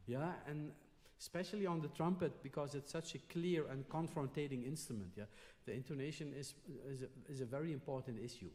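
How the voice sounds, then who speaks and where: A man's voice: a little high, fairly quick, hardly any pauses, a little mellow. A man coaching a trumpet masterclass, patient and encouraging, often checking in with a questioning "yeah?". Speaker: trumpet teacher. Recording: long hall reverb.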